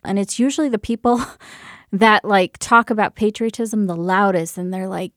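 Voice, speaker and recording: A woman's voice: medium pitch, normal speed, fairly bright tone, dry recording, clean studio sound. A woman and military veteran telling a personal story candidly, swearing freely and laughing as she goes.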